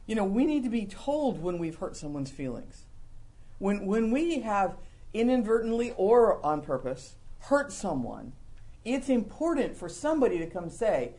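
A man preaching a conversational sermon in a folksy, humorous way, acting out the lines he quotes and dropping soft and low for confessions. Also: sing-song, moderate pace.

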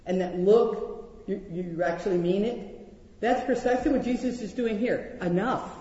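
An animated Bible teacher leads a study, acting out quoted lines and restarting sentences as the thoughts come. The voice is mellow and soft-toned. The sound is dull and carries a long hall reverb. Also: medium pitch, measured pace.

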